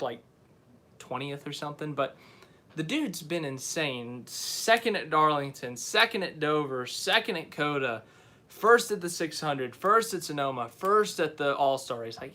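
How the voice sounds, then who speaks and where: A man's voice: on the high side, pushed and bright. A young man hosting a casual live stream, rambling and often correcting himself as he answers viewers. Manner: rambling, unsure, self-correcting.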